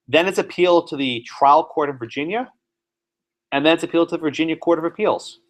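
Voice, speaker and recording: A law professor delivers a classroom lecture in a voice on the high side and at a quick pace. He's animated, sometimes sarcastic, and puts questions to his students.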